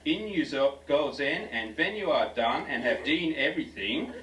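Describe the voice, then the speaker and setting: A man's voice: fairly high pitch, expressive, moderate pace, lightly acted. A man voicing a fussy male museum curator giving bossy instructions, heard from a distance in an echoey, noisy room.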